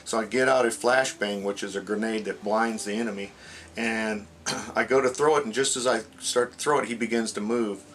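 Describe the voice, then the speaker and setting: A man with a fairly low voice recounts a dream straight to camera, earnest and halting as he rambles along. A faint background hum sits under his voice. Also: steady tone, fairly bright tone. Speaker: religious video blogger. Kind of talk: casual dream retelling to camera.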